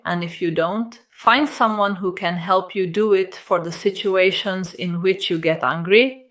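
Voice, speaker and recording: Woman coach talking straight at you, kinda low voice, blunt, keeps firing rhetorical questions. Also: fairly bright tone. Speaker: love coach. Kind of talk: direct-to-camera advice talk.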